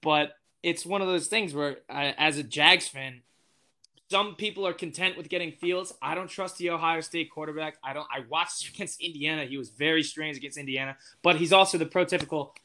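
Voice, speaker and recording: Chatty eighteen-year-old man, bright voice. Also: fairly high pitch, fairly quick. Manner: rambling, many fillers and restarts. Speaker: podcast guest. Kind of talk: casual chat.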